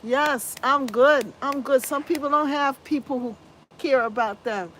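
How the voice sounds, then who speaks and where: A woman's voice: high-pitched, unhurried, a bit bright. Scratchy-voiced woman hosting a gardening livestream. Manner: effusive and upbeat, repeats phrases, exclaims hallelujah. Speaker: gardening channel host. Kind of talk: casual livestream chat reading viewer comments.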